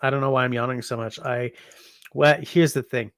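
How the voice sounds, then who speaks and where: A man's voice: mid-range voice, steady tone, moderate pace, a bit bright, dry recording, clean studio sound. A tired Canadian man in his forties hosting a casual livestream, rambling through chat messages with lots of ums. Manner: rambling, chatty, yawning, frequent ums. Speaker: livestream host reading chat.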